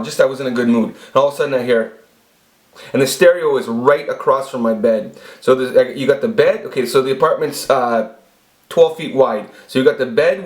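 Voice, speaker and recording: A man telling a rambling, profane personal story with lots of restarts, as a channel host. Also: medium pitch. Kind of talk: casual storytelling monologue. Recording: echoey room.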